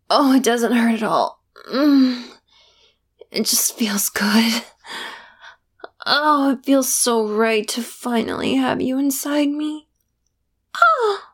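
Very slow, breathy young woman. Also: high voice. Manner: breathy, sighing, often dropping to a whisper. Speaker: adult audio performer. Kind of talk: intimate adult audio role-play.

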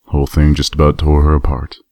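A battle-worn armored stallion veteran, played by a man, with a voice sunk very low and flat-footed weariness in every line. He speaks matter-of-factly, and the recording is bone-dry and close, with no room around it. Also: a little fast, no echo. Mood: grim, reminiscing. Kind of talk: audio drama acting.

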